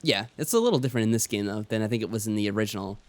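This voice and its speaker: A man's voice: fairly low pitch, animated, dry recording. A man giving casual, jokey commentary while playing a visual novel for a let's play. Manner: jokey asides, quick bursts. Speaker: let's player.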